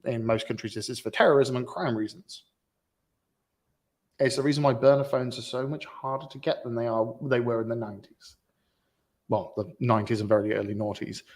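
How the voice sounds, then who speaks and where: A man at a middle pitch hosting a casual tech chat from a meeting room. He explains things patiently, with a wry, dry humour. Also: steady tone, fairly quick, darkish tone. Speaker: host.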